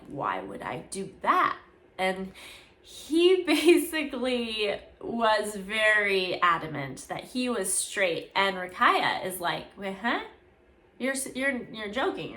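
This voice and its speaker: A woman's voice: mid-range voice, a bit bright. A woman in a casual, chatty book recap, filling her talk with "like". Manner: chatty, many "like"s. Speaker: book reviewer. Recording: echoey room.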